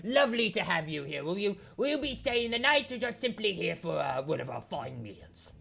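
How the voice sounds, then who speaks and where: A man's voice: high voice, sing-song, normal speed, vocal fry, bright, forceful tone, faint music behind, full character voice. A man voicing a friendly male orc innkeeper with a hearty, welcoming manner in a tabletop game. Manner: hearty, welcoming, a little pompous. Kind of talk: tabletop role-play.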